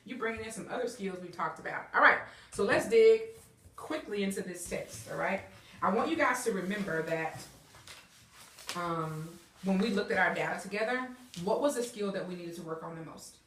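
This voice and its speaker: A woman's voice: medium pitch, lively intonation, moderate pace, fairly bright tone, a little hiss or hum. A woman teacher guiding young readers, encouraging and checking in often with "okay?" and "all right?". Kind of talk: classroom instruction. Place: classroom. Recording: roomy classroom, mic far off.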